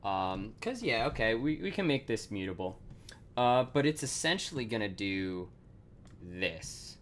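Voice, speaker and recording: A man's voice: on the low side, sing-song, measured pace, a bit bright, slight background noise. A man thinking aloud as he codes on a live stream, full of fillers and self-corrections, swearing casually and laughing at himself.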